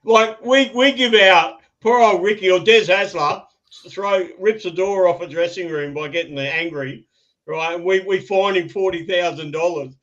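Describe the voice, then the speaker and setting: A man's voice: sits high, normal speed, a bit bright, highs cut off. A man with an Australian accent co-hosting a fantasy sports podcast, chatting in a laid-back way over a remote call. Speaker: podcast co-host.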